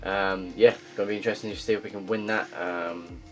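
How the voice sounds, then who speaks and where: Young male gaming YouTuber, deep voice, rambling casual commentary, faint guitar music behind. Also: fairly even intonation, a little fast. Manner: rambling, many ums and uhs, loud upbeat greetings.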